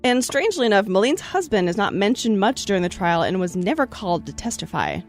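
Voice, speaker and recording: Woman host chatting through a history story, mid pitch, faint music in the back. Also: quick pace. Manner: breezy, animated retelling with playful asides. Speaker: podcast host telling history stories. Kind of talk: casual storytelling chat.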